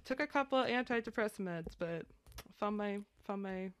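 A woman in casual podcast chat with a middle-pitched voice. She talks candidly and loosely, swears freely and laughs often. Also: expressive, normal speed.

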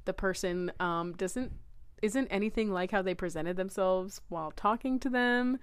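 A woman's voice: medium pitch, moderate pace, clear, resonant tone, no echo. A young woman co-hosting a casual chat, telling a dating story with lots of laughter and acted-out quotes. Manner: animated, laughs often, acts out quoted voices.

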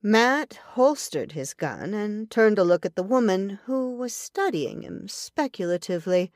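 A woman narrating a western novel as an audiobook in an even, deliberate storytelling manner. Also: mid-range voice, no echo, clean studio sound.

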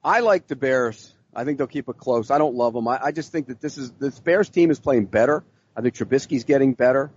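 A man's voice: medium pitch, brisk, a little hiss or hum. A man on a sports podcast panel who talks bluntly and teases matter-of-factly, on dull, dry lo-fi podcast audio. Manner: blunt, teasing, matter-of-fact. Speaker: football writer and podcast panelist. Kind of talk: casual sports podcast banter.

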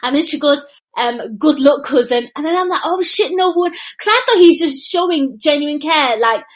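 A woman's voice: high-pitched, normal speed, fairly bright tone. A woman from Northern England with a Northern English accent, chatting animatedly about TV and acting out scenes. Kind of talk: casual TV review chat.

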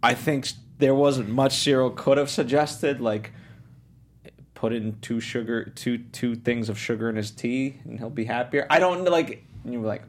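A man co-hosting a casual discussion, talking in an animated way and restarting his sentences when he gets worked up. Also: mid-range voice, moderate pace. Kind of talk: casual chat.

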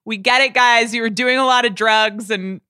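A woman's voice: on the high side, fairly even intonation, normal speed, bright, forceful tone, clear, resonant tone, dry recording, clean studio sound. A woman co-hosting a podcast, chatting casually and playfully about an album, laughing now and then. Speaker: podcast co-host. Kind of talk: casual music discussion.

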